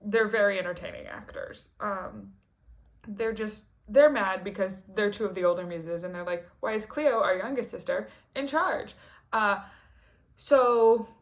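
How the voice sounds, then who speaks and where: A woman talking through a musical in a casual review vlog, rambling and chatty with lots of fillers, restarts and playful asides. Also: mid-range voice. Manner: rambling and chatty, with frequent fillers and self-corrections. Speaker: video creator.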